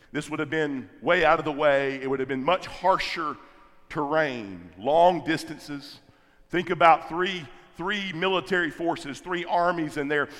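A man's voice: a little high, fairly bright tone, in a large hall. A man preaching a sermon, retelling scripture and building to fervent, emphatic repetition. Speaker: pastor.

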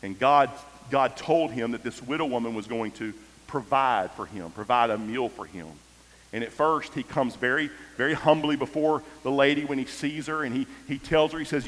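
A man preaching an animated storytelling sermon, swinging between loud exclamations and quiet asides, in a large church hall. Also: mid-range voice, brisk. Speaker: pastor. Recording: echoey hall.

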